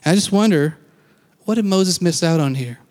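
A man's voice: high voice, lively intonation, moderate pace, darkish tone, big-room sound. A man giving a casual, conversational sermon as a pastor, acting out quoted lines and laughing now and then.

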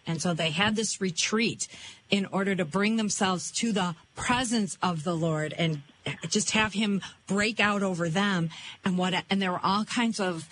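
A woman hosts a casual conversation at an even middle pitch. She affirms her guest before telling a story of her own. Faint background noise sits under her voice. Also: low-quality recording. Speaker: host. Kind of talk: casual chat.

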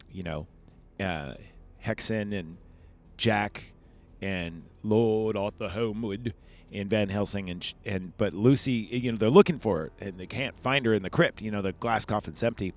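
A man hosting a podcast, recapping a movie in a rambling, chatty way and swearing freely. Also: lowish voice. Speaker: podcast host. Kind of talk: casual film review.

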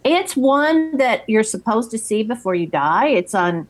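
Lively middle-aged woman podcast host. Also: a little high, a little slow. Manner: lively, laughing, expressive. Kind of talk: casual chat.

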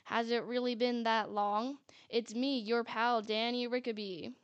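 A man's voice: very high-pitched, level tone, measured pace, a bit bright, smooth, no echo, highs cut off. A woman voicing a sleazy, grinning man of about thirty whose accent keeps shifting. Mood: smarmy. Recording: faint music bed.

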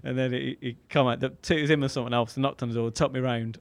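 A man's voice: medium pitch, fairly even intonation, fast talker. A young man with a Birmingham accent, telling a long sweary story on a casual podcast and acting out both sides of it. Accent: Birmingham English. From England. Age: young adult. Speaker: podcast co-host.

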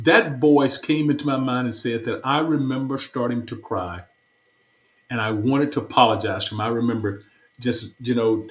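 A man's voice: medium pitch, low-quality recording. A man, a church stake president, earnestly telling a personal story in an interview, often repeating himself.

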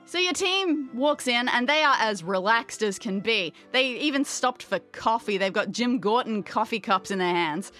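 A woman narrating a tabletop game as game master in the second person, lively and wry. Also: a little high, moderate pace, few pauses, faint music behind.

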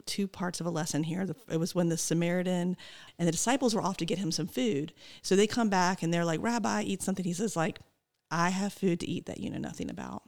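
A woman in her forties, a missionary guest, telling her story in animated casual testimony full of "like"s. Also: on the low side, creaky. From North Carolina, USA. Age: 40s.

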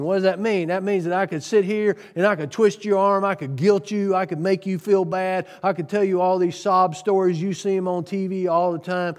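Guy preaching about giving, kinda high voice, earnest, lots of repeated questions, big echoey hall. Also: fairly even intonation, moderate pace, few pauses. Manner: earnest, repetitive rhetorical questions, swings from loud to soft. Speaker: pastor. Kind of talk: sermon.

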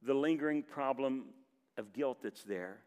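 A man preaching a sermon as pastor, reading scripture and pausing for emphasis. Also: mid-range voice, darkish tone, smooth, big-room sound. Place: church sanctuary.

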